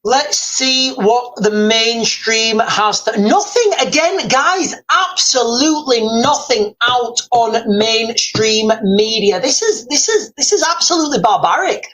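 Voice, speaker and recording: A man's voice: extremely high pitch, lively intonation, slow, hardly any pauses, sharp tone, rough recording. A man hosting a livestream, talking urgently and rambling, with a habit of addressing viewers as "guys.". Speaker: livestream host. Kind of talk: livestream commentary.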